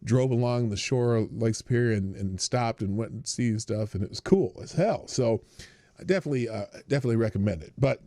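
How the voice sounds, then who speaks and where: A middle-aged man from Nebraska hosting a live morning stream, rambling casually and breaking into loud excited outbursts. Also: medium pitch, brisk, no echo.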